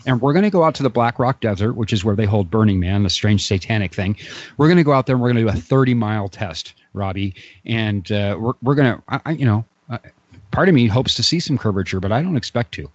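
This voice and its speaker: A man's voice: on the low side, animated, dry recording, highs cut off. A man hosting an interview show, talking casually and hesitantly as he describes his plans. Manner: quick, hesitant, with fillers and restarts. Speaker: show host.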